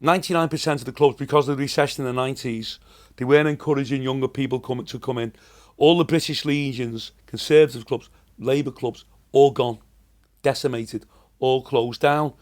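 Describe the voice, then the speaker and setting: A man's voice: mid-range voice, steady tone, a little fast. A man in his sixties with a Liverpool accent, a comedian telling rambling, chatty anecdotes as a podcast guest. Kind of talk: casual storytelling.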